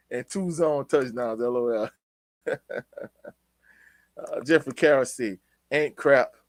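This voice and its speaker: A man's voice: medium pitch, no echo. A man hosting a casual sports live stream, reading viewer comments and giving his opinions in a laid-back, opinionated way. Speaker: sports show host reading live chat.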